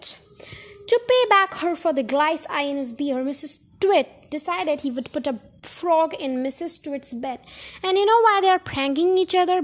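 A woman reading a children's book aloud on a podcast, chatty, with asides and self-corrections. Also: sits high. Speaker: podcast story reader.

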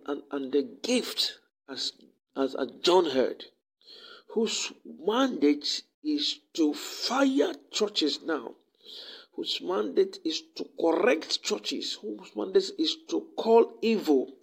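A man's voice: a little high, gravelly, breathy edge, low-quality recording. A man giving a devotional sermon and closing prayer, preaching fervently and often repeating words as he builds a point.

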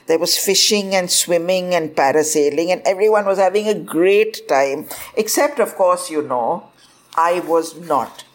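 A woman narrates a first-person story at an unhurried, drawn-out pace. Her voice sits fairly low, and she tells it expressively, jumping far higher whenever she quotes someone crying out. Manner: expressive, lifts the voice sharply for quoted cries.

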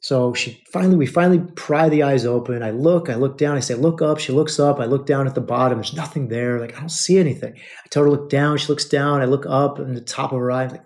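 A man from the United States hosts a storytelling podcast, talking straight to his listeners. His voice has a gravelly, fry-tinged texture at an ordinary middle pitch. He repeats phrases and gets openly emotional as he tells the story. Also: fairly quick, a little mellow. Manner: emotional, repetitive, addresses listeners as brothers. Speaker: podcast host. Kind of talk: personal storytelling monologue.

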